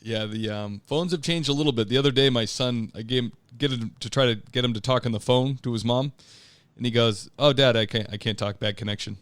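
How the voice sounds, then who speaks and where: A man's voice: medium pitch, a little fast, clear, resonant tone, no echo. A man co-hosting a podcast, chatting casually and telling anecdotes with a chuckle. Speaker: podcast co-host. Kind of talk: casual chat. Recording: dry podcast audio.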